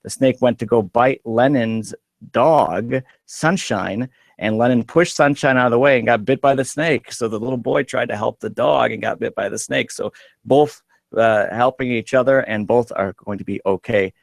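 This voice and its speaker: A man's voice: medium pitch, normal speed, gravelly, dry recording. A man with a Midwestern American accent hosting a casual, upbeat radio show and reading news stories aloud. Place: radio studio. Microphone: studio microphone.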